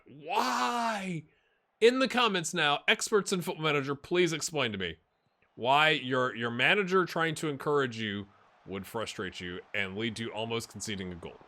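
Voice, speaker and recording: Excitable man commentating a football game. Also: mid-range voice, normal speed. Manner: excitable, jokey play-by-play with shouted celebrations. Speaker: gaming YouTuber. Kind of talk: let's play commentary.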